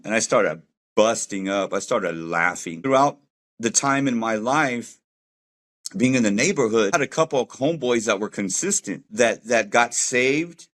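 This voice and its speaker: A man's voice: fairly low pitch, fairly bright tone. A middle-aged man telling his life story as a personal testimony in a loose, conversational way, full of fillers and acted-out quotes. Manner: conversational, acts out quoted voices, many fillers. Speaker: testimony speaker.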